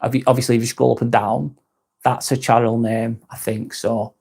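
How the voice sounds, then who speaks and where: Man, live stream host, reads out chat comments, friendly, mid-pitched. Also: level tone, normal speed, vocal fry, a little mellow, husky. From northwest England. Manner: friendly, reads viewer comments aloud and replies.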